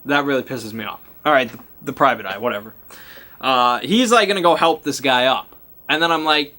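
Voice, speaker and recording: Brisk and forceful, with a bright medium-pitched voice, the game master runs through a recap of the tabletop session. It's a rambling, casual story that he keeps breaking off to hunt for names he's forgotten.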